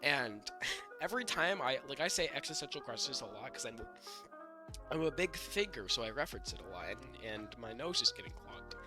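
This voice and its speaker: A young man co-hosting a casual podcast, rambling with fillers and restarts and a slightly raspy voice. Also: mid-range voice, sing-song, fairly quick, over music. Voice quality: slightly raspy, throat-clearing. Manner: rambling, lots of fillers and restarts, laughs often. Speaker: podcast co-host. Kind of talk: casual chat.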